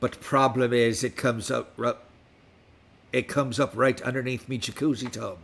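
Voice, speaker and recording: Gravelly man in a pirate voice. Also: mid-range voice, steady tone, moderate pace, a bit bright. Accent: put-on West Country pirate accent. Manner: playful pirate talk, reads stats aloud. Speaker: livestream host. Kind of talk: casual livestream chat in a pirate voice.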